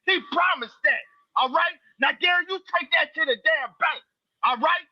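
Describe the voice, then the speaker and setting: A man ranting loudly and comically, laughing and swearing as he talks. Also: very high-pitched, normal speed, no echo. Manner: loud, exaggerated, laughing, swearing. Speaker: call-in guest. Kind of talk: loud comic rant. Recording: dull lo-fi call audio.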